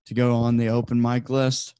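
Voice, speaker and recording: Chill guy on a podcast, dry jokes, soft and laid-back, dead dry room. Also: mid-range voice, monotone, moderate pace, clean tone, dry recording. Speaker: podcast guest, comedian. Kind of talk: casual chat.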